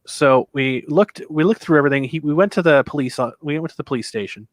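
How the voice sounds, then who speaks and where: A man's voice: a little high, fast talker, no echo. A man telling a long, rambling story in casual chat, swearing freely and acting out what other people said. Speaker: podcast co-host telling a convention story.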